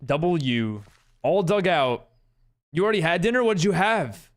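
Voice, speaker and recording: A man's voice: fairly high pitch, big pitch swings, unhurried. A man streaming a game live, casually chatting and answering his viewers' messages with rambling talk and frequent giggles. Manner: rambling, giggly, reads chat aloud.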